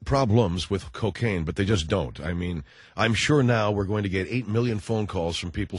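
A man's voice: on the low side, normal speed, breathy edge, dry recording. A man hosting a talk radio show, riffing through a sarcastic, opinionated comedic monologue. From United States.

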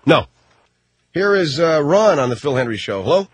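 Brief: husky male talk radio host, wry and lively, dry studio sound. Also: a little high, moderate pace, no echo. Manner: wry and chatty, full of fillers. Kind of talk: comic talk radio hosting. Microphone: studio microphone.

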